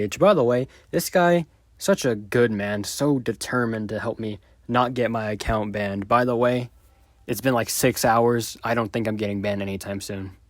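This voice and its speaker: A man retelling a chat exchange in a sarcastic, deadpan commentary style. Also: lowish voice, normal speed, dry recording, studio quality. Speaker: video creator.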